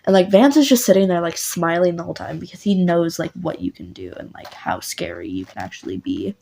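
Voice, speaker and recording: A woman's voice: lowish voice, very animated, a little fast, gravelly, dark tone, slight background noise. A woman narrating a story in a casual, rambling way, full of fillers. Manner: rambling, lots of "like". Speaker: voice actor narrating.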